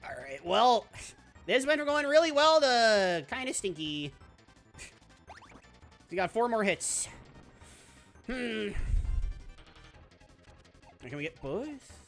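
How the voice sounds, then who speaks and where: A woman streaming a video game, chatting casually with her viewers, laughing often and squealing when things get exciting. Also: fairly high pitch, slow, gravelly, pauses often, soft background music. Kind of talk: casual live-stream commentary.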